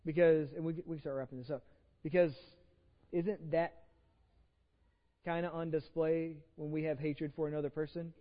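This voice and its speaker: Texan preacher guy, fairly high voice, chatty sermon, stumbles and repeats words, muffled echoey church sound. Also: flat delivery, normal speed, pauses often. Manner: conversational, repeats words when starting phrases. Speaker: pastor. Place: church sanctuary.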